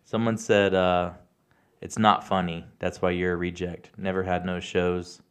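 A young man co-hosts a podcast in a relaxed, joking chat, swearing as he goes. His voice sits on the low side. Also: measured pace, clear, resonant tone. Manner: laid-back, joking, profane. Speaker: podcast co-host. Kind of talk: casual chat.

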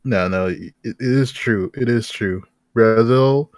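A young man co-hosting a casual podcast chat, laughing often and jumping up and down in pitch. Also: slow pace, dry recording, clean studio sound. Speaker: podcast co-host.

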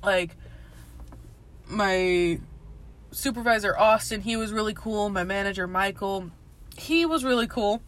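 A woman's voice: mid-range voice, unhurried, long pauses. A young woman casually telling a personal story, rambling with lots of filler words, laughing often and swearing. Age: young adult. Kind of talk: casual chat.

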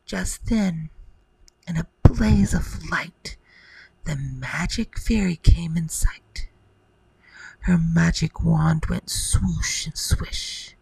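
Slow, husky woman in whispered role-play. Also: deep voice, no room sound, rough recording. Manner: soft whisper, rhymed storytelling. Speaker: bedtime storyteller.

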